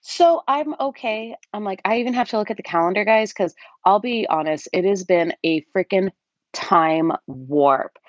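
A woman's voice: mid-range voice, normal speed, no echo. A woman co-hosting a podcast over a computer call, bubbly and chatty, swearing now and then. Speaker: podcast co-host. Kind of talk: casual chat over a call. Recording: dull lo-fi call audio.

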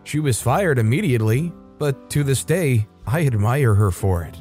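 A man hosting a story channel, reading online revenge stories aloud in a casual, lively way. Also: mid-range voice, moderate pace, soft background music. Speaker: story channel host and narrator.

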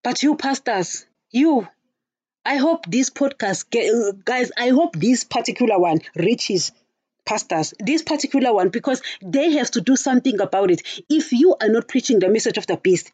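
A woman's voice: a little high, mellow, husky, no room sound. Angry woman preaching on her podcast. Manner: angry, repetitive, addresses listeners as guys. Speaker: podcast host. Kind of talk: impassioned religious podcast monologue.

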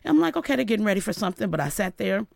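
A celebrity hairstylist from Inglewood, California, middle-aged and creaky-voiced, races through animated stories as a radio studio guest. She's lively, performing the quoted voices with sharp pitch jumps, and the sound is dry.

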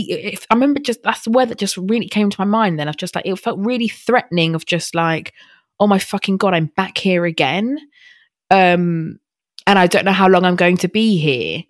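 A woman's voice: on the low side, no echo, clean studio sound. A young woman hosting a podcast, talking candidly and from the heart in a chatty way, with lots of fillers, restarts and some casual swearing. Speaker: podcast host. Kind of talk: candid personal podcast monologue.

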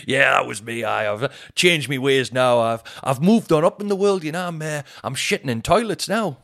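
A man's voice: medium pitch, moderate pace, vocal fry, a bit bright, pitched above the performer's own voice. A man voicing a cheerful, cheeky grown-up local man who chats jokily in a Northeast English accent. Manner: chatty, jokey dialect.

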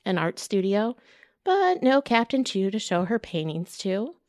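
A woman, a children's librarian, reading a picture book aloud with playful shouts and whispers. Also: medium pitch, big pitch swings, unhurried, dry recording, clean studio sound. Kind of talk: storytime read-aloud with character voices.

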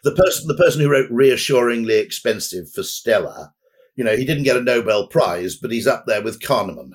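A man's voice: mid-range voice, lively intonation, a little fast, husky. A man as a podcast guest, talking in a rambling, anecdotal way with dry asides. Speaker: guest, advertising executive. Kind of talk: conversational podcast interview.

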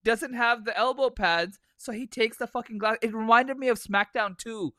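This man's voice is extremely high, at normal speed, recorded dry. Co-hosting a podcast, he chats casually and spins animated stories, with frequent laughter and heavy swearing.

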